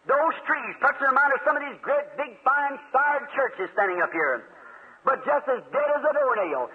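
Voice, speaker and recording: A man preaching a sermon, telling folksy stories and acting out both sides of conversations with animated energy. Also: very high voice. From United States. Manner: animated, folksy storytelling, acts out dialogue, chuckles often. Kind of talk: sermon with storytelling. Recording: tinny lo-fi archival recording.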